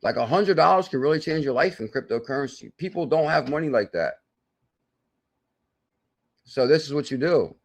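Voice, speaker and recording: A man hosting a live crypto stream, talking in an excitable, salesy way with loud outbursts, thinking aloud as he works through sums and reads the viewer chat. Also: fairly high pitch, normal speed, long pauses. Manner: thinks aloud while doing sums and checking charts. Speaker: crypto channel host.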